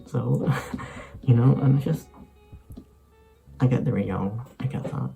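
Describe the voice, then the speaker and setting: A man's voice: medium pitch, measured pace, vocal fry, mellow, faint music behind, rough recording. A young man from Ireland, rambling loosely through an unscripted vlog talk with sarcastic asides. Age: young adult. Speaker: YouTuber.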